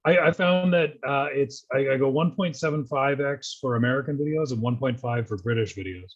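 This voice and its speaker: A man in casual conversation who likes to joke and toss in slang. His voice is husky, and the recording sounds dull and lo-fi. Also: medium pitch, brisk. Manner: joking, plays with slang. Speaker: podcast co-host. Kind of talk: casual business chat.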